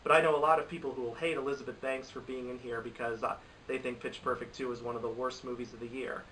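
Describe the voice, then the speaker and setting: Young man, bright tone, opinionated rambling vlogger; recorded a bit off-mic with light hiss. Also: mid-range voice, flat delivery, fast. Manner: rambling, opinionated, with frequent restarts. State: has a cold. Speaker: movie reviewer. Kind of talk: casual opinion vlog. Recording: slightly distant mic with faint hiss.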